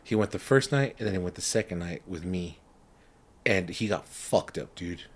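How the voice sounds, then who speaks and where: Young male podcast co-host, slightly low voice, swears constantly, acts out the people in his stories. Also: moderate pace. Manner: profane storytelling, animated impressions. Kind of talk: casual chat.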